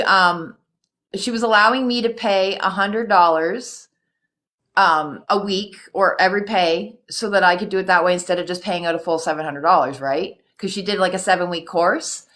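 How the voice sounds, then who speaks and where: Animated, swearing woman telling a story. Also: fairly low pitch, normal speed. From Canada. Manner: animated storyteller, swears freely, laughs often. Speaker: host. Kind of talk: casual chat.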